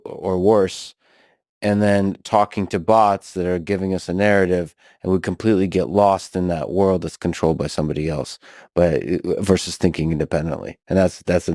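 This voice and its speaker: A man hosting a podcast conversation, reflective and halting, often restarting his sentences. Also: deep voice, darkish tone, no room sound, studio quality. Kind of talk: casual discussion.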